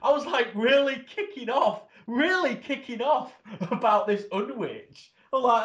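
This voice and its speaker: A man's voice: high voice, big pitch swings, unhurried, a bit bright. An English man talking as an interview guest, ranting with heavy swearing. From England. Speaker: podcast guest. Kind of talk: casual interview chat. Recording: roomy echo.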